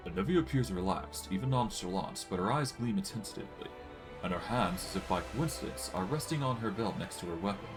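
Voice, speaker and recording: A man's voice: fairly low pitch, fairly quick, music in the background. A man streaming a fantasy role-playing game, casually thinking aloud and narrating the game's text. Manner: relaxed, thinking aloud with fillers.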